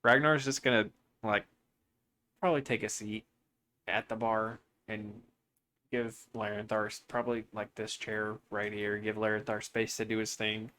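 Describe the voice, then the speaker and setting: A man's voice: on the low side, level tone, moderate pace, pushed and bright, slight background noise. A man playing in a tabletop role-playing game, trading sarcastic jokes and thinking aloud. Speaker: player.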